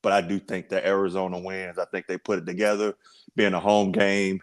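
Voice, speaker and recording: A man's voice: low voice, level tone, brisk. Laid-back joking man panelist. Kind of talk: casual sports chat.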